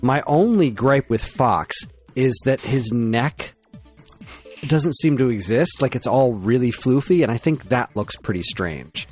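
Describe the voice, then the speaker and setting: A man co-hosting a loose gaming podcast, his voice rising and falling expressively as he gives strong opinions. He talks casually and swears without a second thought, and faint music sits low in the background. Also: animated, measured pace, darkish tone. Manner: enthusiastic and opinionated, swears freely. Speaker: podcast co-host.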